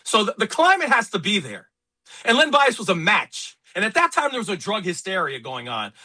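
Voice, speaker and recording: A man hosting a talk radio show, speaking in an emphatic, opinionated way about sports and politics. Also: high voice. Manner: animated, emphatic, quick asides. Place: radio studio.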